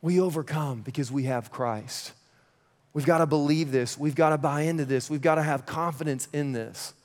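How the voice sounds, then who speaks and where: A man in his thirties preaching a sermon as pastor, energetic and playful, dropping to a hushed, earnest tone at times. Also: a little high, moderate pace. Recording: reverberant church hall.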